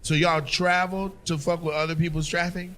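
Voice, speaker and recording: A man's voice: on the high side, flat delivery, brisk, pushed and bright. A middle-aged man, a stand-up comedian doing crowd work on stage, brash, teasing and profane with the audience. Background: audience laughter.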